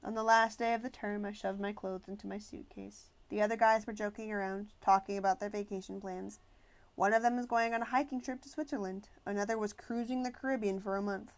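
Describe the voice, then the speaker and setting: A woman narrating a first-person novel as an audiobook, measured and expressive. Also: mid-range voice.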